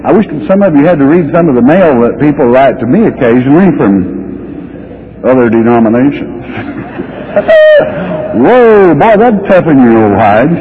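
A man preaching a Bible lesson, reading scripture slowly then breaking into folksy, joking asides. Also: mid-range voice, lively intonation, a little hiss or hum. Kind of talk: folksy radio Bible teaching. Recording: tinny phone-like radio broadcast.

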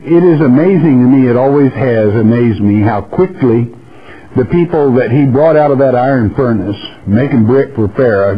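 Folksy radio preacher, male, lively swooping delivery, dull lo-fi broadcast sound. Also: medium pitch. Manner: reads scripture slowly, then explains in folksy asides. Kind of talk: verse-by-verse sermon.

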